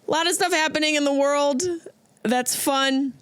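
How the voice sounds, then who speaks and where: A woman's voice: high-pitched, normal speed, fairly bright tone, dry recording. A woman comedian hosting her podcast, riffing through a comedic monologue and slipping into silly voices.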